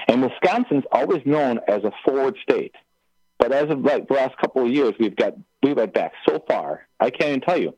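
A man's voice: medium pitch, a little mellow, no room sound. A man calling in to a radio talk show, speaking with passion and rambling through many restarts. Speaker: caller. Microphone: telephone. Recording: dull phone line.

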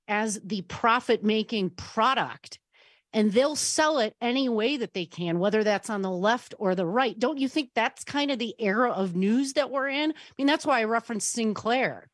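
A woman's voice: a little high, no echo. A woman hosting a call-in radio talk show, pressing her caller with pointed follow-up questions. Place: radio studio.

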